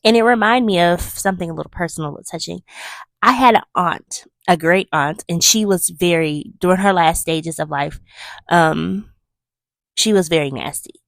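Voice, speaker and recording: A woman hosting a casual movie review, chatty and animated as she retells scenes with emphatic asides. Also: fairly low pitch, normal speed, creaky, dry recording, clean studio sound.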